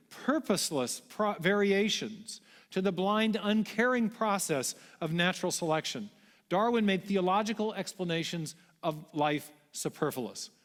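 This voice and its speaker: A man giving a public lecture to a large audience, telling history in a measured way with frequent restarts. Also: a little high. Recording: long hall reverb.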